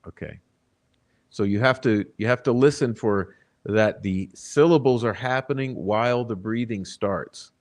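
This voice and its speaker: A man's voice: fairly low pitch, a little slow. A man hosting a casual livestream commentary, insistent and repeating his words as he argues a point. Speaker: livestream host.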